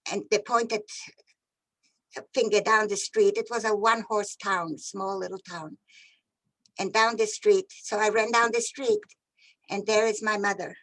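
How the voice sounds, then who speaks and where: An older woman giving personal testimony of her childhood, halting and often repeating and restarting words. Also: mid-range voice, steady tone, fairly bright tone, poor audio. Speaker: Holocaust survivor. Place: virtual event.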